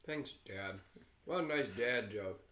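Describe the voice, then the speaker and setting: A man's voice: on the low side, animated, slow, fairly bright tone, echoey room, a little hiss or hum. A man co-hosting a casual livestream, chatty and rambling, often restarting his sentences. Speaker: livestream co-host.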